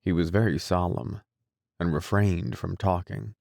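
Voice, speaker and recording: A man narrating a classic novel as an audiobook, in a measured, deliberate reading style. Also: deep voice, fairly even intonation, gravelly, darkish tone, dry recording, studio quality. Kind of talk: scripted narration.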